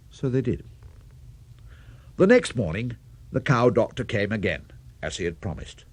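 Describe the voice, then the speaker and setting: A man's voice: fairly low pitch, expressive, unhurried, long pauses, dry recording. An older man telling a children's story, playful and speaking directly to young listeners.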